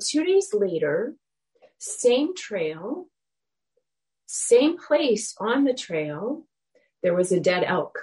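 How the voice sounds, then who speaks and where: A woman's voice: mid-range voice, low-quality recording. Woman, reflective storytelling, dharma talk, mid-range voice. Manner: reflective, animated storytelling with acted quotes.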